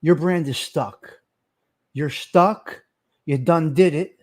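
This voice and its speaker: A man hosting a casual livestream, talking loud, profane and fired-up. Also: a little high, takes it slowly. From Italian-American. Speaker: livestream host.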